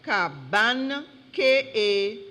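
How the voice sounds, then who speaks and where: A woman reading out words slowly and deliberately as a spelling bee pronouncer, correcting wrong spellings. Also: on the high side, very animated, bright, forceful tone. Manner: slow and deliberate, drawing out each word. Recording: long hall reverb.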